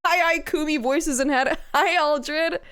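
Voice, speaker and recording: A woman's voice: high-pitched, steady tone, unhurried. A woman VTuber chatting casually on a live stream, crude and swearing freely, often breaking into squealing laughter. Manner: bursts into loud squealing laughter.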